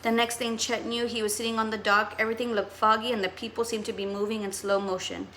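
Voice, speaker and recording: Bright-voiced woman teacher reading aloud. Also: a little high, quick pace, a little hiss or hum. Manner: expressive storytelling. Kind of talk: reading a novel aloud to students.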